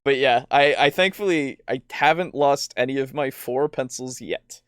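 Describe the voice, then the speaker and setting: A man co-hosting a podcast, chatting casually in a relaxed way, hedging and adding small laughs. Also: medium pitch, moderate pace, clean tone, no echo, studio quality. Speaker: podcast co-host. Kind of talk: casual chat.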